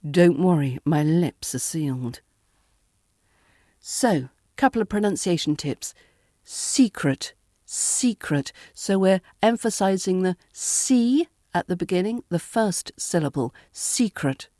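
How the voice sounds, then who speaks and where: A woman with a British RP accent teaching pronunciation in a deliberate, scripted lesson, modelling each word clearly. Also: lowish voice, expressive, warm tone, no room sound, clean studio sound. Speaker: accent coach.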